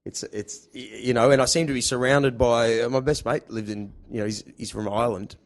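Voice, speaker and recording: An Australian man hosts a relaxed podcast conversation. He talks in a chatty way, laughing easily and filling gaps with hesitant ums. His voice is mid-pitched. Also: a little fast. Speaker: podcast host. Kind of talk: casual conversation.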